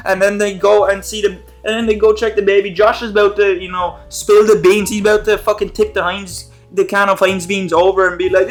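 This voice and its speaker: High-voiced young man rambling casually. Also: flat delivery, brisk, hardly any pauses, faint music behind. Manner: rambling, profane, with many fillers. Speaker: YouTube commentator. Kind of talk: casual recap commentary.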